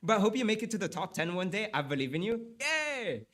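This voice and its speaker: Talking casually to his livestream audience and reading aloud, this young man has a high, fairly bright voice with lively intonation and a rapid-fire delivery. Allergies leave him a little congested, and he often stammers, repeats words, and says sorry.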